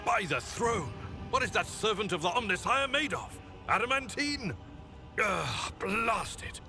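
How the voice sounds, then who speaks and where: A man voicing a gruff male seneschal who exclaims in alarm and curses. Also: sits high, big pitch swings, unhurried, bright, forceful tone, soft background music, voice pushed up, full character voice.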